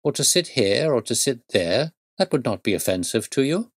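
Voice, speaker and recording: A man voicing an eccentric middle-aged gentleman who talks in a coaxing, fussy way with rising emphasis. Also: medium pitch, sing-song, moderate pace, breathy edge, no echo, studio quality. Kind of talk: audiobook reading.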